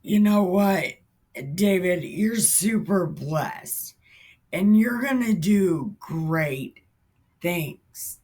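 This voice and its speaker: A woman voicing an exasperated older king, paraphrasing him in shouted, incredulous modern slang. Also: fairly low pitch, expressive, drawn-out words, full character voice. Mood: grudging.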